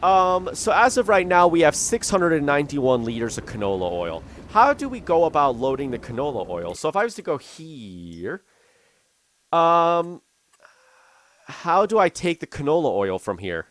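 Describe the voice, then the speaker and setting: A young man narrates his farming game play in a loose, chatty way. His voice sits a bit high and swings up and down a lot. He thinks aloud, trails off and restarts as he goes, speaking into a desk mic at home. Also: big pitch swings, moderate pace, fairly bright tone. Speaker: gaming YouTuber. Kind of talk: casual let's-play commentary.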